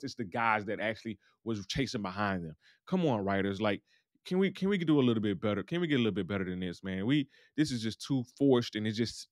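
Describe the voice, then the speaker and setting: A man with a lowish voice gives a loose, chatty recap of a TV episode, acting out the characters' lines as he goes. It's a casual recap monologue, recorded dry with clean studio sound.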